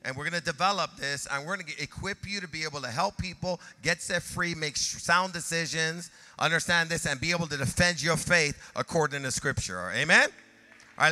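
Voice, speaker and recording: A man who is a pastor, preaching a sermon in an animated way that rises to shouts. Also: on the high side, a little fast, big-room sound, faint music behind.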